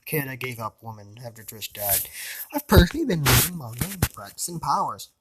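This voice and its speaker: A man voicing a gruff, blunt older mentor in a read-aloud fan story. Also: mid-range voice, expressive, brisk, natural voice. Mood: dry. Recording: noisy home recording.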